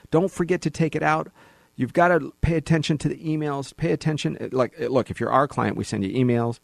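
A man's voice: mid-range voice, creaky, darkish tone, no room sound. A man hosting a financial radio show, talking to listeners in an emphatic, folksy way. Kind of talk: conversational radio monologue.

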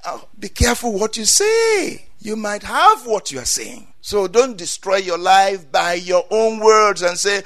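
A male preacher giving a fervent sermon, saying amen often, repeating phrases and rising to loud peaks. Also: high-pitched, sing-song, a little slow, few pauses.

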